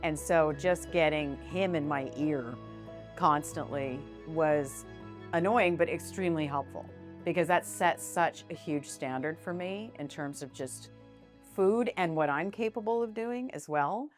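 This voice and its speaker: A low-voiced woman talks about her business in a relaxed interview. Her speech is frank and animated, scattered with casual fillers, and faint music plays underneath. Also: measured pace. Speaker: business owner, interview guest.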